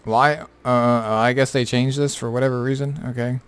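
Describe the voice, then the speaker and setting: A man's voice: mid-range voice, steady tone, moderate pace, smooth. Tired man rambling over patch notes. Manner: rambling, filler-heavy, offhand. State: tired, up all night. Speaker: gaming content creator. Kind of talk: casual commentary reading patch notes.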